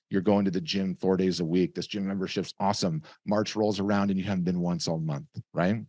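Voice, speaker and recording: Deep-voiced man pitching over a video call. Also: no room sound, clean studio sound. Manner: lively, conversational, tells stories with acted voices. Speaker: webinar host.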